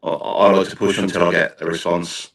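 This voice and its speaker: A podcast host with a Black Country accent chats casually in an interview, thinking aloud in rambling sentences that keep restarting. His low, fairly monotone voice moves briskly, with vocal fry and a slightly bright tone. He sounds far from the mic, in a roomy space.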